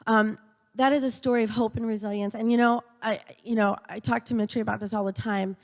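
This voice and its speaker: A middle-aged woman giving an earnest storytelling speech at a church event, halting now and then with fillers and restarts. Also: on the high side, fairly even intonation. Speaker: speaker at a church event for a university. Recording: long church reverb.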